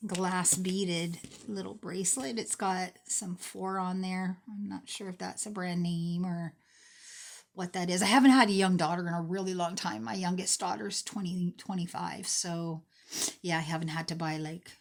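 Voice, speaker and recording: Sorting and pricing thrifted jewelry, a forties-aged unboxing vlogger keeps up a chatty, self-mocking commentary, often talking to herself. She speaks at normal speed in a lowish voice with vocal fry and fairly even intonation.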